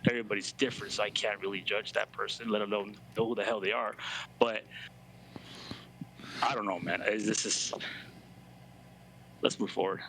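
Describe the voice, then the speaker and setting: Bright-voiced man, hesitant and halting. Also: lowish voice, fairly even intonation, gravelly, slight background noise, rough recording. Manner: hesitant, restarts often, drops to a whisper when upset. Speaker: co-host guest. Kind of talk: casual reaction commentary.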